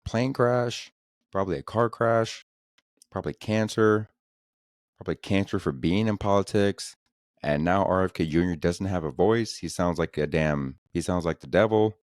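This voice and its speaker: Young male podcast host, very low, crude sarcastic rambler, dry room. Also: darkish tone, no echo. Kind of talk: solo comedy podcast rant.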